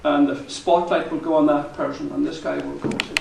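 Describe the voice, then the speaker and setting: A man's voice: fairly high pitch, big pitch swings, fairly quick, vocal fry, background noise. A man telling a rambling story to a live audience, chuckling and correcting himself as he goes. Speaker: folk musician telling a story on stage. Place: live concert venue. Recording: echoey, from a distant mic.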